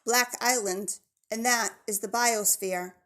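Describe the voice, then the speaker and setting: Friendly young island girl, higher and louder than the narration, read by a woman. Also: steady tone, takes it slowly. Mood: chatty.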